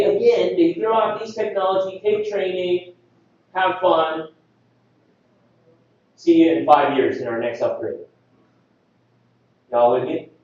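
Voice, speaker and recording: A man gives a lively conference talk, tossing rhetorical questions at the crowd. His voice sits high for a man. It is picked up from a distance in a booming, echoey hall, with a dull, muffled tone. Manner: energetic, rhetorical questions to the audience. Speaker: conference speaker. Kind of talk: conference presentation.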